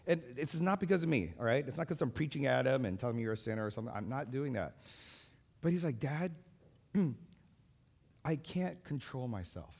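A man's voice: medium pitch, expressive, fast, gravelly, darkish tone. A man, a pastor and father, giving a sermon in a conversational way, with many fillers and repeated phrases.

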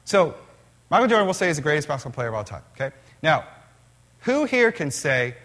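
A man preaching a sermon in a church, animated and conversational, asking the congregation questions. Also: on the high side, fairly quick. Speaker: pastor.

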